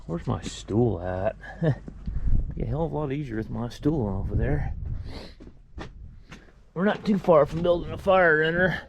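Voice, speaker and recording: A man's voice: on the high side, expressive, unhurried, vocal fry, pauses often, background noise. A man working as a mechanic who talks casually and thinks aloud while he works on an engine in a truck repair shop. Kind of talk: casual work vlog, talking while repairing.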